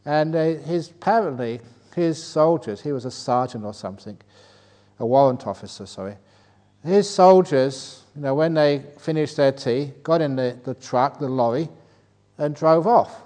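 Older male monk teaching a retreat, mid-pitched, storytelling talk, chuckles at his own asides. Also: normal speed. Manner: rises into animated rhetorical questions.

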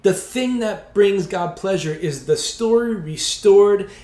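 Male pastor, 40s, animated self-mocking storyteller, slightly high voice, roomy hall echo. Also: slow pace. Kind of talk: storytelling sermon.

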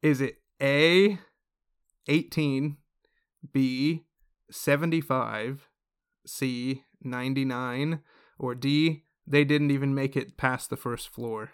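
A man running a casual quiz among friends on a podcast, playful and quick to laugh. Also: mid-range voice, fairly even intonation, smooth. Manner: playful, laughs between questions. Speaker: quiz host.

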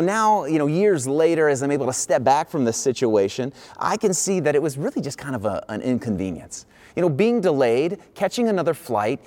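A male pastor preaching, telling a personal story in a lively, animated way before turning to scripture. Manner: animated storyteller, rises in pitch when excited. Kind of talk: sermon storytelling.

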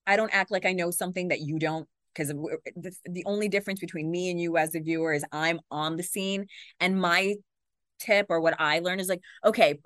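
A woman news anchor in her forties talks quickly and animatedly, slipping into little acted-out quotes as she chats. Her voice sits a bit low for a woman. The sound is dry and close, with no room around it. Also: dry recording. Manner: fast, animated talker who acts out quotes. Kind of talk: conversational interview.

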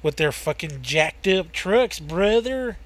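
A man's voice: sits high, lively intonation, takes it slowly, over a noisy crowd. A man in casual podcast chat, talking loosely in slang and swearing constantly.

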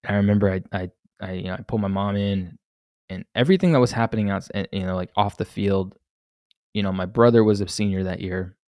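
A man's voice: on the low side, brisk, a little mellow, no room sound, studio quality. Candid, profane young man telling his story. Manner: candid, profane, rambling with restarts. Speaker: podcast host. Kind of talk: solo podcast storytelling.

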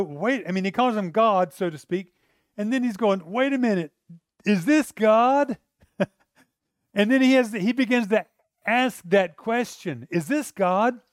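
A man preaching a sermon, animated, acting out quoted voices and laughing often as he talks. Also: high-pitched, clean tone, no room sound, studio quality. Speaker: pastor.

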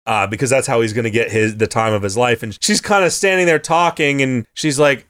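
A man in casual podcast chat recounts a video game plot with lively energy. He keeps dropping into quick character voices as the story unfolds. His pitch sits in the middle range for a man. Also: clear, resonant tone. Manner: animated storyteller who slips into character voices.

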